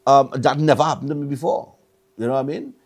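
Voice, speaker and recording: This morning-show host is a middle-aged Trinidadian man whose medium-pitched voice is gravelly, expressive and quick. Chatting casually, he rambles through stories with stammered repeats, his accent marking him as from Trinidad and Tobago.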